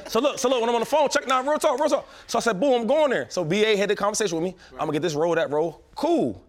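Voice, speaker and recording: A man in his thirties, a former pro football player, telling stories in a casual chat with slang, quick restarts and lots of animation. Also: high-pitched, a little hiss or hum. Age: 30s.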